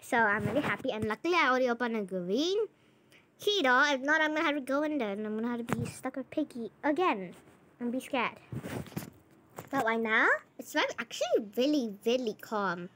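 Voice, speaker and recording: A woman's voice: fairly high pitch, animated, fairly quick, background noise. A woman giving casual commentary while playing a game, chatty and jumpy, narrating every move, repeating herself and trailing off. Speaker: gameplay channel host.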